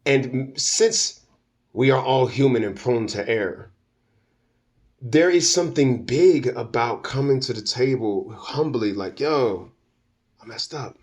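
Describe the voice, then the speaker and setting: Man, interview guest, emphatic, slangy, preacherly cadence, medium pitch. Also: expressive, unhurried. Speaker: guest commentator. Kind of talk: opinionated interview talk.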